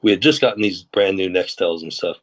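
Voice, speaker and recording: A man's voice: sits low, fairly quick. A man, a former corrections and undercover officer, telling a long story in a podcast interview and acting out the dialogue. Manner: relaxed anecdotal telling, acts out quoted dialogue.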